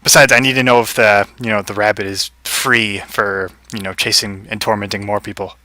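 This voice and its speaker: A man's voice: lowish voice, fairly even intonation, fairly quick, sharp tone, dry recording. A man narrating as game master in a tabletop game, easygoing and hesitant, with many fillers.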